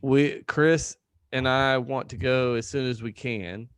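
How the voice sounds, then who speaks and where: Smooth-voiced man telling a lively story. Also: medium pitch, unhurried, no room sound, clean studio sound. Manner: animated storyteller, acts out quoted dialogue. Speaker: podcast guest. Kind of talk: casual storytelling chat.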